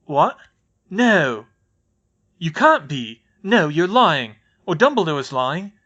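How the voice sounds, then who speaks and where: A hot-headed, impulsive teenage boy wizard, put on by a man reading the storybook. He blurts out his words a little higher than the narrator's own voice and gets loud quickly. There is little calm in him. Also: muffled recording. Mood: outraged.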